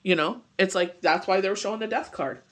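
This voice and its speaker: His voice sits high with a fairly bright tone, and he talks a little fast. The tarot reader rambles through a casual daily reading, peppered with "you know" and "it's just like," while shaking off a bad cold.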